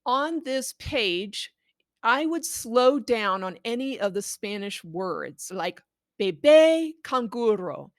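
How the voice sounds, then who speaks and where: A woman educator giving clear, patient instructions on how to read a picture book aloud to a child. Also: a little high, takes it slowly, a bit bright, dry recording, studio quality. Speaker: Spanish language educator. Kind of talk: instructional talk on reading aloud.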